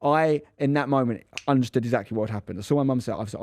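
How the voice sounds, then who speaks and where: A man's voice: medium pitch, racing, darkish tone. A man in his thirties, a podcast co-host, telling a story in casual chat and acting out the quotes with animation.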